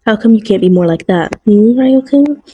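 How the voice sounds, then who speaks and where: A woman's voice: mid-range voice, fairly even intonation, fairly quick, slightly rough, dry recording, narrow, tinny audio, close to an everyday voice. A woman voicing a gushing, proper young mother in a storybook. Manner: gushing, fussy.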